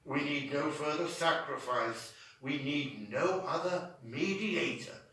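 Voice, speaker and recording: A man's voice: a little high, animated, takes it slowly, bright, forceful tone. A man preaching a sermon in a chapel, fervent and drawn out in his emphasis. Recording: echoey chapel from far off.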